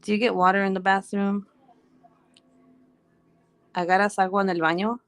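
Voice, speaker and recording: A woman's voice: mid-range voice, flat delivery, normal speed, no room sound. Laughing woman with a Mexican Spanish accent. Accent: Mexican Spanish-influenced American English. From United States. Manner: rambling, laughs often, swears casually. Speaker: streamer. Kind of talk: casual chat with viewers.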